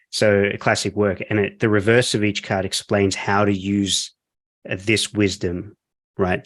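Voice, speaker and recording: A man's voice: fairly low pitch, fairly bright tone, no echo, clean studio sound. A man hosting a podcast interview, chatty and joking with lots of fillers. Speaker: podcast host. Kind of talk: casual interview chat. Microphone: podcast microphone.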